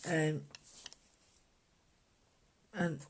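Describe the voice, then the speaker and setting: An art instructor giving a calm, gentle, casual drawing and painting tutorial, thinking aloud while working at a desk indoors. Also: mid-range voice, drawn-out words.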